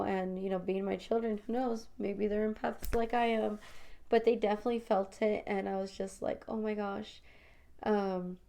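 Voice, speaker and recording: Speaking in a mellow, mid-range voice, a mother of school-age children reflects and confesses on her spiritual podcast. Her talk is full of "like" and "you know," and she calls her audience "you guys."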